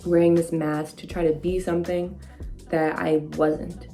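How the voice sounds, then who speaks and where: A woman's voice: sits low, vocal fry, warm tone. A young woman vlogger casually telling a personal story, chatty, with lots of "like" and acted-out quoted conversations. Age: young adult. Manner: chatty, with many "like"s and quoted dialogue.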